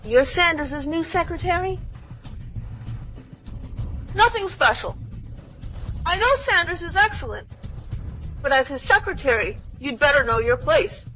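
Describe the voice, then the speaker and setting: A woman's voice: high voice, lively intonation, measured pace, long pauses, bright, forceful tone, faint music behind, heavily acted. An actress in a dubbed drama voicing an arrogant, jealous young rich woman who talks in a haughty, sneering way. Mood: condescending.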